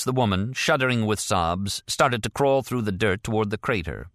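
A man reading a thriller audiobook in a measured, expressive storytelling voice. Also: fairly low pitch, dry recording. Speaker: audiobook narrator. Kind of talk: scripted narration.

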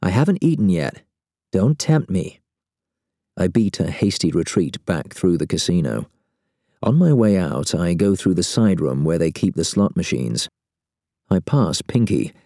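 Deep, dark-voiced male audiobook narrator. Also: lively intonation, normal speed, no room sound, clean studio sound. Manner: wry, sardonic first-person delivery. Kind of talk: first-person audiobook narration.

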